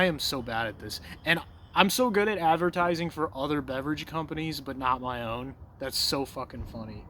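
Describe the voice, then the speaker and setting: There's a little hiss or hum behind this man's medium-pitched, bright and forceful voice. As a vlogger addressing the camera, he rambles loosely and profanely, leaning on "bro" and "dude," self-assured and prone to tangents that trail off mid-thought.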